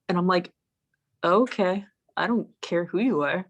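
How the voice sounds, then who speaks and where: A woman's voice: lowish voice, slow pace, pauses often. Profane woman telling a story. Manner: profane, animated storytelling with acted-out quotes. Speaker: podcast guest. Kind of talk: casual storytelling chat. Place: home, remote call.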